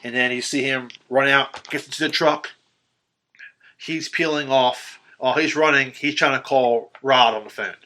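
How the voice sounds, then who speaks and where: A man on a podcast excitedly retelling a horror film's ending in casual, profanity-laced chat, full of ums and restarts. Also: medium pitch, moderate pace. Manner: animated retelling, swearing, filler-heavy. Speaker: podcast host. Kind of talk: casual film recap chat.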